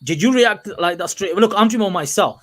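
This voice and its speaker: A man's voice: high-pitched, lively intonation, quick pace. A man co-hosting a podcast, pressing his guest with emphatic, stacked questions. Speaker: podcast co-host, interviewer. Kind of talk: probing interview questions.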